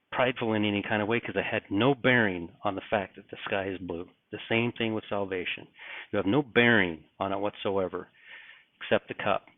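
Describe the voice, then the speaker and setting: A man's voice: lowish voice, no room sound. A middle-aged man preaching urgently in a video, earnest and repetitive, warning that the end times are near. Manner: earnest, urgent, repeats phrases. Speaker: religious video host. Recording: tinny phone-like sound.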